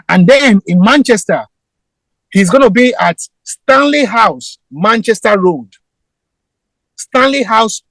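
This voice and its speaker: A man calling in to a show, giving event details and spelling out addresses slowly. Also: high voice, no room sound, poor audio. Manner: repeats addresses and postcodes slowly. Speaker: caller from abroad. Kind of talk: announcement on a live show.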